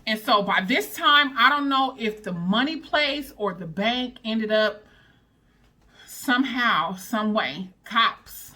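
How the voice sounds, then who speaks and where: A woman vlogger telling a storytime, casual and animated, full of slang and dramatic retelling. Her voice is bright and sharp, with a mid-range pitch. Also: measured pace.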